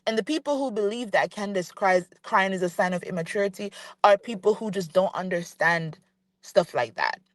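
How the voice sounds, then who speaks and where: A woman's voice: medium pitch, moderate pace, no room sound. A woman giving opinionated commentary on a vlog, ranting and speaking straight to the person she criticizes, repeating her points for emphasis. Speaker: reality TV commentator.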